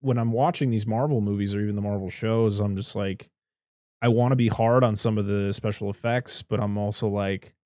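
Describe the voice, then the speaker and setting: A man in casual podcast chat, rambling and animated, swearing often as he reviews a film. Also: on the low side, a little fast, dry recording, clean studio sound.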